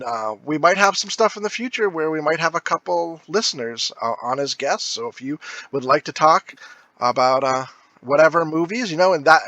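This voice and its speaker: A man co-hosts a laid-back movie review podcast, talking in a rambling way full of fillers and quick laughs. His voice is bright, and his pitch moves around a lot. The sound is dry and close, with little room around it. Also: no room sound. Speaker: podcast co-host. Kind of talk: casual podcast chat.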